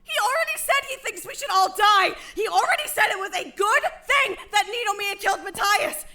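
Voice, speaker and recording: A woman voicing a hot-headed, reckless student who shouts and swears in a fan audio drama. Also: very high-pitched, lively intonation, a little fast, exaggerated voice. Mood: furious.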